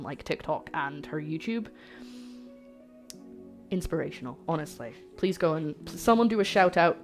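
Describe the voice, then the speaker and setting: A woman hosts a casual cooking livestream, chatting and joking with her viewers as she works. Her voice sits a touch low, and faint music plays in the background. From lives in Scotland. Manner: chatty, jokey, self-deprecating, talks to chat.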